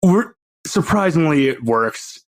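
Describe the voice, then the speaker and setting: A man running a tabletop game as game master, animated and laughing often. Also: fairly high pitch, takes it slowly.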